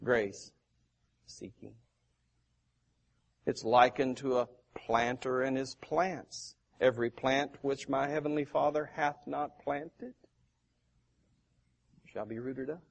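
A man's voice: medium pitch, steady tone, takes it slowly, vocal fry, pauses often. A male pastor preaching a sermon in a church, repeating key phrases for emphasis. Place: church sanctuary.

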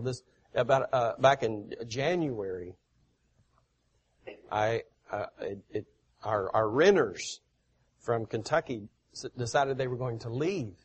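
A male preacher giving a sermon, reading scripture aloud and swelling loud on key phrases. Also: medium pitch, animated, unhurried, husky, dull audio.

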